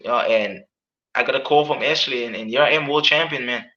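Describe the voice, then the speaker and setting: A man answers interview questions in an earnest, casual way, stumbling over and repeating his words. His voice is bright and pressed. The sound is dull and lo-fi. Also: mid-range voice, brisk. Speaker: MMA fighter, interview guest.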